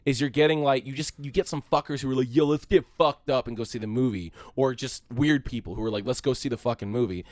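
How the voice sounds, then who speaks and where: Quick-talking california guy on a movie podcast, swears a lot, rambles, dead dry sound. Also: mid-range voice, dry recording. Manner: profane, rambling, shouts when quoting people. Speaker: podcast co-host. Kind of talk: casual podcast chat.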